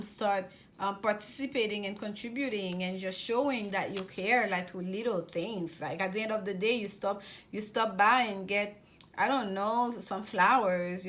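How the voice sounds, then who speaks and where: A woman giving a general tarot reading, talking fast and often restarting and repeating words as she goes. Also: medium pitch, a bit bright. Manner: rapid, repetitive with many restarts. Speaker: tarot reader.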